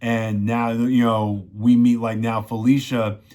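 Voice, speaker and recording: A man's voice: medium pitch, little pitch movement, measured pace, mellow. A man casually recapping a TV season in a rambling way, full of "you know" fillers. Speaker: show reviewer.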